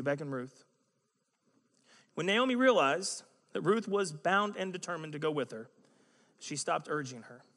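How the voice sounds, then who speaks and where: A man with a slightly high voice gives a lively sermon, talking to the listeners as if chatting with them and dropping in jokes. His voice rings out with a long reverb in a large hall. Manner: conversational, joking asides, animated. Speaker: preacher.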